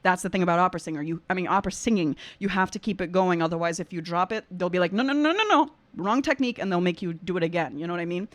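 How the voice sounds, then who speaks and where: A woman's voice: lowish voice, level tone, rapid-fire, hardly any pauses, no echo. A woman who is an opera singer and vocal coach, reacting to a performance in casual, effusive commentary and singing short examples.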